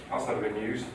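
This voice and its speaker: A man, moaning in a deadpan, plain-spoken way as a travel show presenter, out in busy streets and at a campsite. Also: medium pitch, very noisy. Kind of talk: grumbling travel commentary.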